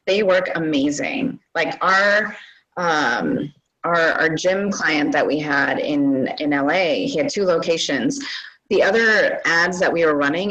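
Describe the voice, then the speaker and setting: A woman with a low-pitched voice, the guest expert on an online webinar. She explains casually and relaxedly, her speech peppered with fillers. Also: fairly bright tone, poor audio.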